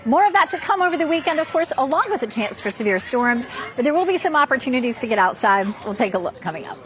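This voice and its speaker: A woman's voice: high-pitched, sing-song, fast. A woman meteorologist giving a chatty, upbeat live report from an outdoor park, a little out of breath. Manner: upbeat, chatty, laughing between lines.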